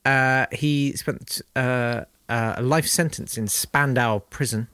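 A man's voice: mid-range voice, takes it slowly, a bit bright, clean tone, no room sound. A man co-hosting a comic history podcast, telling a story with mock-indignant banter. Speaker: podcast co-host.

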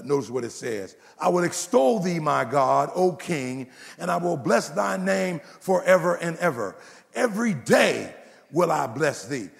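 Male pastor, sermon, emphatic, lively swooping delivery, gravelly edge, long hall reverb. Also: fairly high pitch. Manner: emphatic preaching, rising to shouts.

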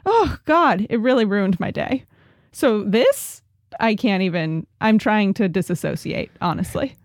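A woman's voice: mid-range voice, a little slow, darkish tone, no room sound, clean studio sound. A woman co-hosting a casual podcast chat, dramatic and prone to swearing. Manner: dramatic, swears, shrieks when retelling. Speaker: podcast co-host. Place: New England woods trip, indoors.

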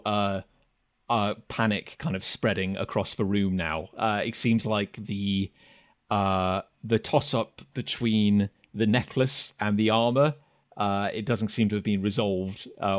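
A man narrating a tabletop game as game master, hesitant and full of fillers. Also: lowish voice.

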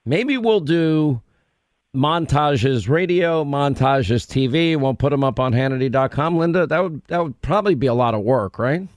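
A man's voice: mid-range voice, animated, normal speed, no echo. A male radio host bantering with his staff and callers in a brash, joking, teasing way into a studio mic. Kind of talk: casual talk radio banter.

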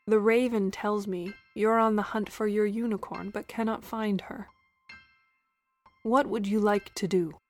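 A woman doing a gentle, gracious eagle. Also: mid-range voice, fairly even intonation, a little slow, soft background music, close to an everyday voice. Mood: gentle concern.

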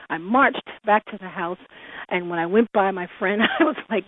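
A woman's voice: medium pitch, fast. A woman in her thirties calling in to a radio show, telling a personal story with animation and frequent laughter. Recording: tinny phone line.

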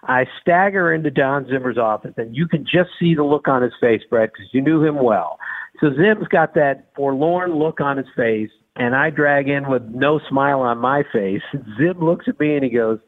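A man in his sixties, a guest telling stories in an excited, animated way, heard over a phone-like line. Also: moderate pace. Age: 60s. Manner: excited, with wide pitch swings. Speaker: guest, baseball reporter. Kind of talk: animated storytelling. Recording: phone-like narrow sound.

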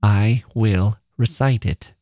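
A man voicing a frail, proud woman writer who speaks humbly and gently but will not yield. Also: mid-range voice, a little slow, dry recording, studio quality, natural voice. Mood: gentle, earnest.

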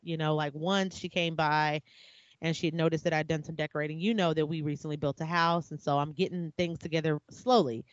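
A woman's voice: low voice, fairly even intonation, fairly quick, no echo. Candid, reflective woman in casual talk. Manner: candid, reflective, talks with restarts and "like". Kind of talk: casual conversation. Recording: slightly dull dry sound.

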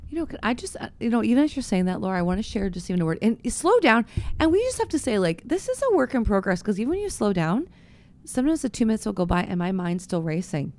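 A woman's voice: medium pitch, big pitch swings, quick pace, darkish tone. A woman pastor co-hosting a casual faith podcast, telling candid, confessional stories with many restarts.

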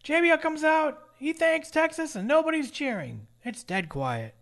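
A man's voice: very high-pitched, moderate pace. A man co-hosting a casual podcast, wryly recapping a wrestling show. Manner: wry, joking, lively. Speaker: podcast co-host.

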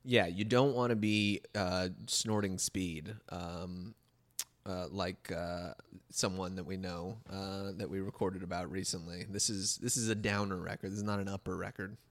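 A man's voice: low-pitched, steady tone, normal speed. A man co-hosting a casual chat, chuckling often and reading out song facts with dry humor. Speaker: podcast co-host. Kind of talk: casual chat about old records.

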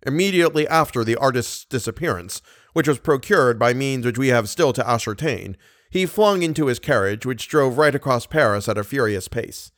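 A male narrator voicing a self-satisfied police commissary who questions briskly. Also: mid-range voice, lively intonation, fairly bright tone, no echo, clean studio sound, natural voice. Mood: probing.

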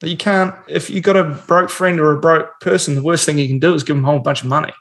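A man's voice: fairly high pitch, fast. A man talking in a blunt, casual way, swearing freely and acting out little scenes as he explains his views. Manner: blunt and swearing, animated storytelling. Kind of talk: casual chat.

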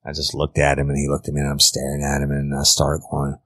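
A middle-aged former detective, telling a case story in a blunt, profane, casual way. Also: male voice, rumbling low, monotone, fast talker, a bit bright, dry recording. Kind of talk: casual true-crime storytelling.

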